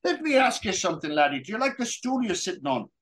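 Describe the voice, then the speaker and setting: Crude Scottish bar regular, a man, boastful and loud-pitched, put on by a man telling a joke. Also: very animated, quick pace, slight background noise. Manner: boastful, swearing, laughing.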